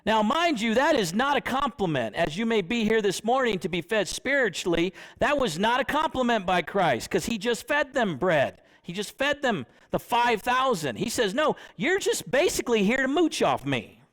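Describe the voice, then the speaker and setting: A man's voice: sits high, big pitch swings, moderate pace, few pauses, a bit bright. A young man preaching a sermon in church, conversational, often asking the congregation questions.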